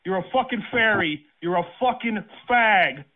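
A man's voice: high voice, expressive, moderate pace. A man on a phone call, cursing and making threats. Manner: threatening, cursing, shouting insults. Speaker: prank call target. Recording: tinny phone line.

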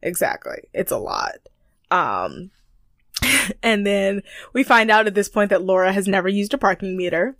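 A young woman co-hosting a casual recap chat, animated and playful, laughing often. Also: mid-range voice, moderate pace, creaky, no echo, clean studio sound. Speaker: podcast co-host.

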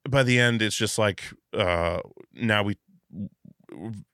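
A man's voice: fairly low pitch, slow, fairly bright tone, clean tone, dry recording, studio quality. A man hosting a casual podcast interview, reflective and rambling with many restarts. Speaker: podcast host. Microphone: video call.

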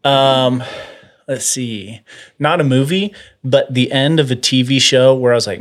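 A man's voice: medium pitch, measured pace. Chill young guy talking movies w friends, kinda dry. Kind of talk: casual chat.

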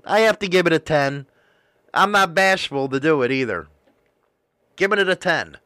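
A man's voice: on the high side, expressive, moderate pace, bright, forceful tone, dry recording, clean studio sound. A man hosting a show, telling a crude, profane story in a rambling, casual way.

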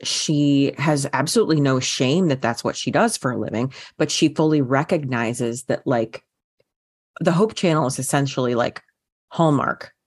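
A woman co-hosts a book podcast in casual book review chat, chatty and full of fillers and restarts. Her voice is very deep, at a normal speed.

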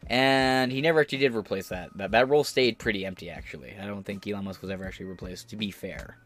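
A man's voice: fairly low pitch, fast, few pauses, a bit bright, soft background music. Crude, sarcastic male podcast host. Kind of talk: profane live-stream commentary.

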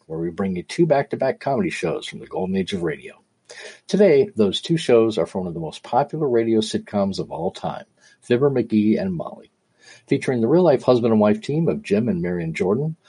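A man hosting a podcast, reading a scripted introduction in a steady, informative way. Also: fairly low pitch, a little fast, breathy edge. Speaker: podcast host.

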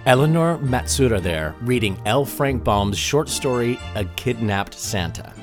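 A man's voice: medium pitch, expressive, measured pace, music in the background. A man hosting a podcast, wrapping up the episode in a friendly, chatty way. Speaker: podcast host. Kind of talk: podcast outro.

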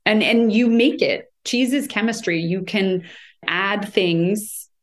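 A woman's voice: mid-range voice, slow. An American woman who writes about cheese, explaining at length in a conversational interview, with many fillers and restarts. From United States.

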